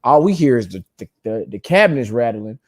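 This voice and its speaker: A man's voice: medium pitch, sing-song, a little fast, dry recording. Profane man telling a loose story, dry sound. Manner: profane, loose, laughing storyteller who acts out quotes. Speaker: podcast host. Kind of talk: casual comedic storytelling. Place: home studio with lights and microphones.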